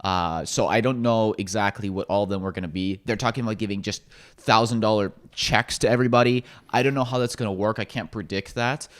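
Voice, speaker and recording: A man's voice: lowish voice, steady tone, fairly quick. A man co-hosting a casual podcast discussion, opinionated and ranting, swearing now and then. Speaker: podcast co-host.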